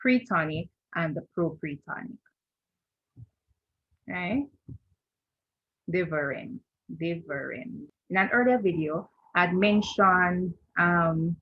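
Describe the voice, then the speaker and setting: A woman's voice: on the low side, dull audio. A woman teaching a screen-share lesson, patient and repetitive, often checking in with "right?". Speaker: language teacher.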